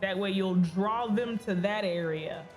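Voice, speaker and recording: A woman's voice: mid-range voice, unhurried, soft background music. A woman streaming a video game, chatting casually with viewers and laughing often as she plays. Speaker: gaming streamer. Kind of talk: casual chat while playing a game.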